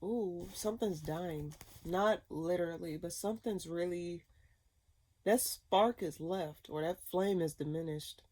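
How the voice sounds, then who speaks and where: Lady reading tarot cards, kinda low voice, cusses a lot and goes off on rants. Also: a little slow, darkish tone. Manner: blunt, profane, ranting. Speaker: tarot reader.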